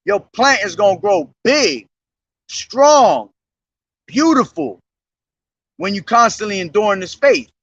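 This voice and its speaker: A young man preaching outdoors at a bus station, slowly declaiming scripture, then talking in slangy, profane street speech into a camera he holds himself. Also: sits high, big pitch swings, a bit bright, no echo, lo-fi sound. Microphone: self-held camera.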